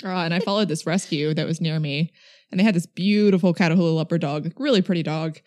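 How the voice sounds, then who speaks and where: Low-voiced woman doctor cracking jokes. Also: fast, a little mellow, no room sound, studio quality. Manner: candid, joking, swears freely. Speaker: doctor podcast co-host. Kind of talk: casual chat and storytelling.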